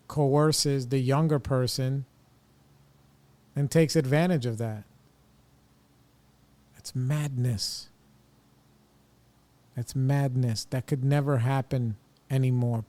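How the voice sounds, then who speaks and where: A man's voice: medium pitch, a little mellow. A middle-aged man hosting a podcast, ranting bluntly and casually in slangy opinionated talk. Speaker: podcast host.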